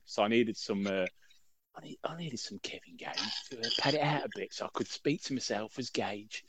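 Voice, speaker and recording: A man's voice: medium pitch, expressive, brisk, a bit bright, dry recording. Rambling, jokey male podcast host. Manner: rambling, jokey, lots of fillers and self-corrections. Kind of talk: casual chat.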